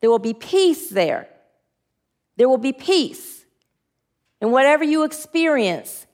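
A woman's voice: high-pitched, sing-song, slow pace, a little mellow. A woman minister giving a spiritual sermon, earnest and leading the group in spoken affirmations.

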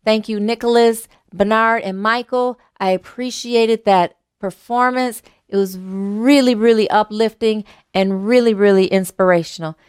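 A woman's voice: medium pitch, steady tone, a little slow, hardly any pauses, a little mellow, smooth, no echo, studio quality. A woman pastor giving a sermon, speaking earnestly and sometimes repeating words as she searches for them.

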